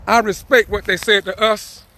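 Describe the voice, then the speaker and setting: A man preaching an impassioned message, repeating phrases and swelling into shouted cries. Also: high voice, steady tone, moderate pace. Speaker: street preacher.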